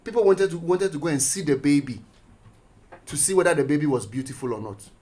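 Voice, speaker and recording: Teacher guest, radio studio, mid-high voice, animated storytelling. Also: male voice, quick pace. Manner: animated storyteller, acts out quotes. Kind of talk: radio discussion.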